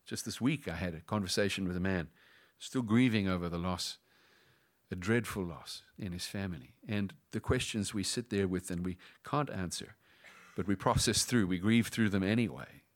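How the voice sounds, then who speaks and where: Middle-aged guy preaching, lowish voice, slows way down for emphasis, sometimes goes to a whisper. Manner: preaching with dramatic pauses, dropping to a whisper at times. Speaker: pastor. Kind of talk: sermon.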